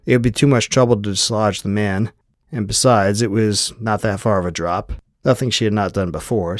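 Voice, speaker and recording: A man narrating an audiobook in an even, measured reading style. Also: fairly low pitch, no echo, studio quality. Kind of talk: scripted narration.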